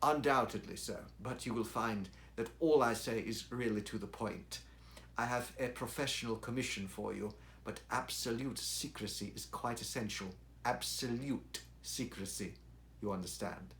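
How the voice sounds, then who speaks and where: Un hombre poniendo voz a un coronel enjuto y receloso. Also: male voice, on the low side, moderate pace, fairly bright tone, slight background noise. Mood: guarded. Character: secretive, suspicious, gaunt middle-aged colonel.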